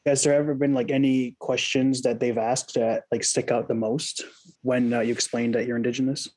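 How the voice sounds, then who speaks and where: Halting young male interviewer. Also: mid-range voice, flat delivery, a little mellow. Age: young adult. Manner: halting, with many fillers when asking questions. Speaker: student interviewer. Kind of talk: interview questions.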